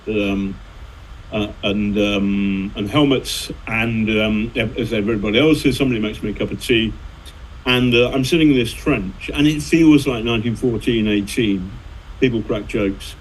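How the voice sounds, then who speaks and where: A man's voice: medium pitch, a little hiss or hum, low-quality recording. A middle-aged man, a journalist and author, telling anecdotes in a rambling way, full of fillers and restarts. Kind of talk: conversational storytelling.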